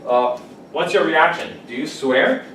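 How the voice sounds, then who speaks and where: A man's voice: fairly high pitch, unhurried, fairly bright tone, slight background noise. A man teaching English vocabulary to a class, explaining words with examples and asking students questions. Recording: echoey classroom mic from a distance.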